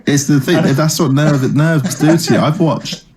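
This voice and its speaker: Over a loud crowd, a man in his thirties speaks in a fairly high voice with even intonation and a normal speed. He's a comedian guest in an interview, rambling through casual anecdotes full of fillers and restarts.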